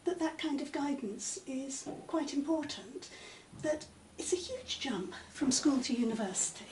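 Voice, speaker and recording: An older woman professor, answering interview questions in a measured, articulate way with frequent pauses. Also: high voice, darkish tone. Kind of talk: conversational interview. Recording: echoey room, mic at a distance, faint noise.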